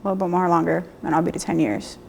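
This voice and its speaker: A woman in her thirties telling her own story of recovery, speaking candidly with halting restarts and repeated phrases. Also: on the low side, fairly even intonation, gravelly, darkish tone, a little hiss or hum. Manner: plainspoken, occasional mild swearing. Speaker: person sharing a recovery story. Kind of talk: personal testimony, candid and conversational.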